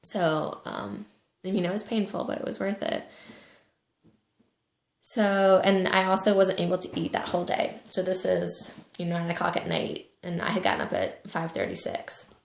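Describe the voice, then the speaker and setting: Soft-spoken young woman, gravelly and low. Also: animated, roomy sound. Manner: soft-spoken, halting with many ums and fillers. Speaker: vlogger. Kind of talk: personal story told to camera.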